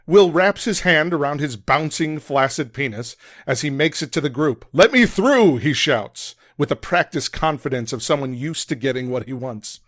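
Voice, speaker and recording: A man's voice: mid-range voice, normal speed, hardly any pauses, a bit bright, no echo. Man reading his novel, close and dry. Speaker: author and guest.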